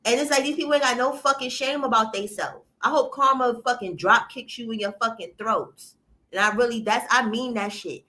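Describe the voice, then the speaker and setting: A woman's voice: a little high, brisk, pushed and bright. A woman hosting a livestream, ranting bluntly to her viewers in casual, profane reaction commentary. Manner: indignant ranting. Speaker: livestream host.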